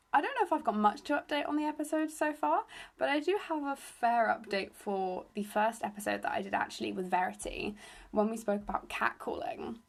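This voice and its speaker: A young woman from England with a slightly raspy voice, hosting a solo podcast into her phone in a rambling, self-deprecating chat. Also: medium pitch. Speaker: podcast host.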